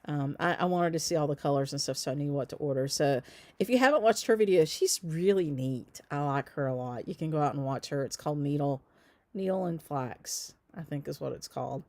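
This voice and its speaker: Low-pitched and brisk, this woman's voice carries a warm tone, recorded with no room sound. Originally from the Southern United States, she has a light Southern accent that travel has softened. Running a shop, she chats casually and cheerfully on a live stream, full of ums and small laughs.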